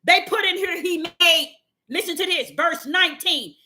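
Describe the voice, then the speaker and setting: Woman, preacher, fervent, repetitive, very high voice, piercing brightness. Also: normal speed. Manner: swings from low murmurs to shouting, laughing and crying out; fervent, repeats phrases for emphasis. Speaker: preacher teaching scripture to an online audience. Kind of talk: fiery preaching.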